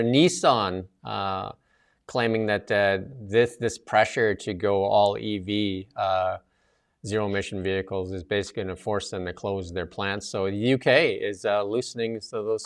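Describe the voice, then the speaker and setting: A man's voice: on the low side, steady tone, normal speed, a bit bright, clear, resonant tone. A man co-hosting a talk show, chatting casually in a rambling way with many fillers. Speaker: co-host.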